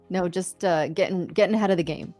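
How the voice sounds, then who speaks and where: A woman co-hosting a live trading stream, upbeat and quick to laugh, calling the market as it moves. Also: fairly low pitch, a little mellow, no echo, soft background music. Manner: upbeat, laughs often, cheers on winners. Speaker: co-host of a live trading show. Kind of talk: casual live-stream banter and market commentary.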